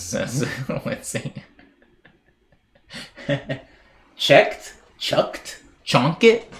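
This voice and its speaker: A young American man chats loosely on a live stream, drifting from story to story and reading messages aloud. His pitch swings widely and animatedly through each sentence, and he fills the gaps with a relaxed, playful ramble. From United States. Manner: rambling, chatty, playful, lots of fillers.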